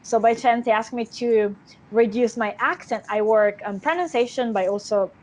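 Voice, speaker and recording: An actress with an Italian accent in a casual interview, talking freely with frequent laughter and restarts. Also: female voice, a little high, normal speed, darkish tone. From Italy. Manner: chatty, laughs often, many restarts.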